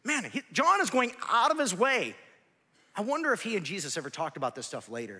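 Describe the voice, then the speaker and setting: A man in his forties preaching a sermon, swinging from loud shouts to near whispers, with joking asides to the congregation. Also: high-pitched, sing-song, a little fast, husky, long reverb tail. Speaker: pastor.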